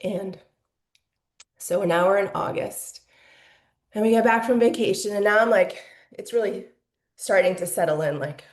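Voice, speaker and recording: A woman's voice: medium pitch, normal speed, pauses often, roomy sound. A woman in her forties telling her personal story as a podcast guest, candid and emotional, with lots of "like" fillers. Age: 40s.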